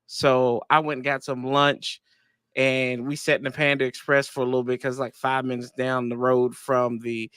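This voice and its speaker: A man with a bright, fairly high voice, chatting loosely on a sports podcast and rambling through animated stories. The sound is dry and close, with no room around him. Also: normal speed, smooth, no room sound. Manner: rambling storyteller, animated retellings. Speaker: podcast co-host. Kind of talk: casual chat.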